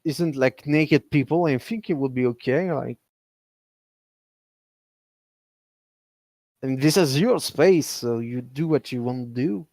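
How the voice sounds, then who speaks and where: A man's voice: medium pitch, moderate pace, darkish tone, no echo, close to an everyday voice. A man voicing a tired male contact on a phone call, hesitant and rambling, trailing off between words, in a tabletop roleplay game. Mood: offhand. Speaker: game master.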